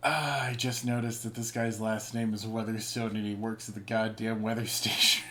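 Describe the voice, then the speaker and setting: A man's voice: fairly low pitch, little pitch movement, normal speed, pushed and bright, slight background noise. A male game streamer reading in-game messages aloud in a casual, wry way, swearing now and then.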